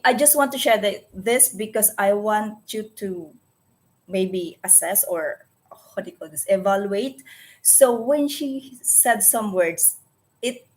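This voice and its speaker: Woman, Filipino accent, unhurried delivery, hesitant and self-correcting, casual to-camera vlog. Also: on the high side. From Philippines. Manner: hesitant, searching for words with many restarts. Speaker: vlogger.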